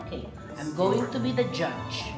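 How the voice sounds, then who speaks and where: A woman's voice: lowish voice, very animated, moderate pace. A woman with a Filipino accent hosting a playful family vlog, teasing and coaxing like a mock-serious judge. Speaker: vlog host and mother. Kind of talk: playful family vlog chat mixing English and Tagalog. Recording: roomy echo with loud background music.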